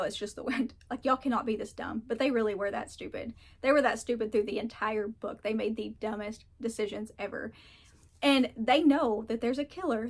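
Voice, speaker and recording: A woman reviewing books in casual chat, frank and ranting, laughing often and swearing now and then. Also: on the high side. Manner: animated, mocks characters in put-on voices. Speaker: book reviewer.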